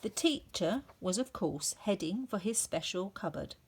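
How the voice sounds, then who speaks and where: A woman teacher reading a children's story aloud, expressive and sounding out the effects. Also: medium pitch, measured pace, slightly rough.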